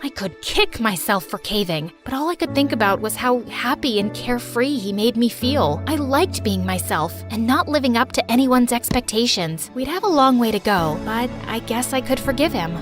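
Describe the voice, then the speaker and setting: A woman narrates a cartoon drama in the first person with a lively, wry touch. Her fairly high voice moves up and down a great deal. Clear music plays underneath. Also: moderate pace, hardly any pauses. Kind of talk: scripted first-person narration of an animated story.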